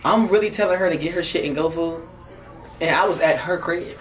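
A man vlogging and telling a crude story in casual chat, animated and tacking "fool" onto nearly every line. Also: a little high, fairly quick, recorded from a distance.

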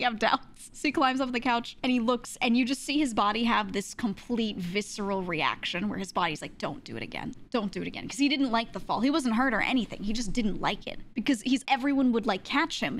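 A woman's voice: a little high, a little fast, hardly any pauses, a bit bright. A woman streamer casually telling funny babysitting stories, laughing often and acting out quotes. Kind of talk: casual storytelling.

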